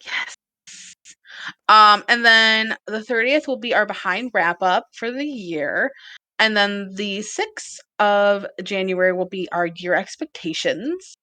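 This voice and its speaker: A woman's voice: medium pitch, slow, bright, forceful tone, dry recording. A woman co-hosting a casual podcast, chatty and laughing often as she plans upcoming episodes. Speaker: podcast co-host. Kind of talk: casual chat.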